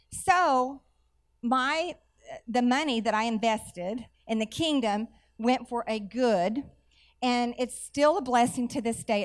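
A middle-aged woman, preaching a sermon through animated personal stories with folksy asides. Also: on the high side. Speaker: church speaker.

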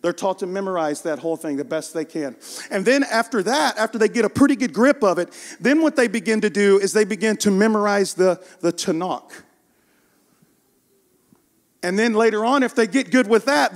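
A man preaching a passionate sermon, rising to shouts and dropping to hushed storytelling. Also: sits high, a little fast.

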